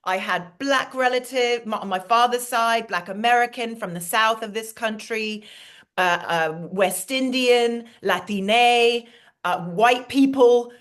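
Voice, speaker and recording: Rich: A playful woman with a New York accent riffing through a comedy set. Her voice sits fairly high. She speaks over a video call. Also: a bit bright. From Queens, New York. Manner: playful, quick banter with asides. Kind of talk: comedic monologue.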